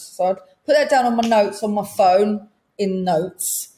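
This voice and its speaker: A British woman, a guest singer, telling a lively anecdote on a podcast and acting out the people in it. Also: mid-range voice, normal speed. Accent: British English. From Britain. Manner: lively anecdote-telling, acts out quoted voices. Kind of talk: casual podcast storytelling.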